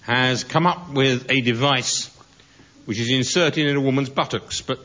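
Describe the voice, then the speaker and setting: A man's voice: mid-range voice, unhurried, pushed and bright. A man on a comedy panel, rambling through a comic story with many ums and uhs. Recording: muffled broadcast recording.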